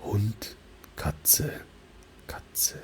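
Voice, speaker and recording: A man talking softly and slipping into whispers in a soft-spoken ASMR video, often padding with "like" as he explains. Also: very slow. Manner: alternates soft talking and whispers, many "like" fillers. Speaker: ASMR creator. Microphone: binaural mic.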